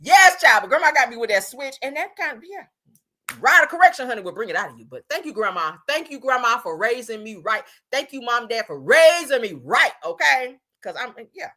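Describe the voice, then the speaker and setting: A woman hosting a livestream, telling a childhood story in a casual, animated way and often laughing as she talks to her viewers. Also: fairly high pitch, brisk. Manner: animated, laughing, addresses viewers as y'all and baby. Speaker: livestream host. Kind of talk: casual storytelling to live chat.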